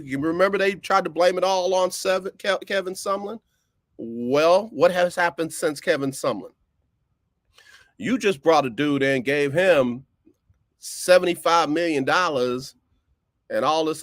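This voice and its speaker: A middle-aged man hosts a casual live-streamed sports talk show, speaking with animation and repeating phrases for emphasis. His pitch leaps upward whenever he gets fired up, and there's no echo.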